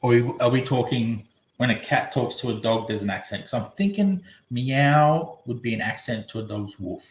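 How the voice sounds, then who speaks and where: A man from Australia talks casually on a live stream, rambling from one thought to the next as he answers viewers' comments. His voice sits at a middle pitch, and the room around him is echoey. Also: moderate pace. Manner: rambling, chatty, reading comments aloud.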